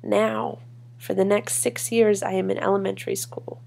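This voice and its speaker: A woman performing a spoken word poem in a measured, deliberate way with long pauses. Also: mid-range voice, level tone, creaky, a little mellow. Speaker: poetry reader. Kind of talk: spoken word poetry reading.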